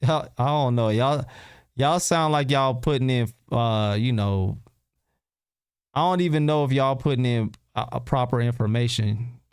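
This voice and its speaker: Livestream host, male, mid pitch, smooth clear voice, dry close sound; slangy, repeats questions to chat. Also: darkish tone, no echo. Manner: repeats himself and fires rhetorical questions at viewers; loose slangy street talk. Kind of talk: casual livestream commentary.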